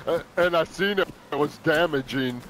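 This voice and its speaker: A man's voice: on the high side, normal speed, a bit bright, a little hiss or hum, low-quality recording. A man chatting casually with a friend while gaming, rambling with lots of fillers and frequent laughter. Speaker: gamer.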